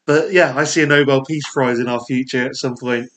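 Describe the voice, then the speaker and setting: A man's voice: medium pitch, steady tone, brisk, fairly bright tone. A man with a Yorkshire accent co-hosting a podcast in casual chat. He laughs often and talks in rambling asides. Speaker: podcast co-host.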